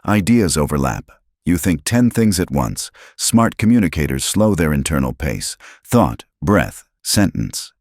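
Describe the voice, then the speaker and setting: A man reading a self-help audiobook in a scripted, measured way, stressing short lists with pauses between items. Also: sits low, darkish tone, no room sound, clean studio sound. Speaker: audiobook narrator.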